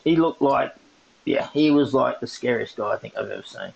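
An Australian man co-hosting a podcast, telling a story in a casual, animated way and laughing often. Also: mid-range voice, moderate pace, gravelly, lo-fi sound. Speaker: podcast co-host.

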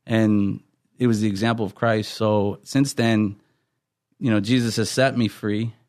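A man's voice: on the low side, steady tone, a little slow, darkish tone, dry recording, studio quality. A middle-aged man, a pastor, earnestly telling his life story in a podcast interview, often restarting his sentences.

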